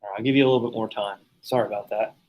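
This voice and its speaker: A man's voice: lowish voice, steady tone, rapid-fire, a little mellow, low-quality recording. A man teaching a classroom lesson in a casual, joking, chatty way, telling stories and teasing his students.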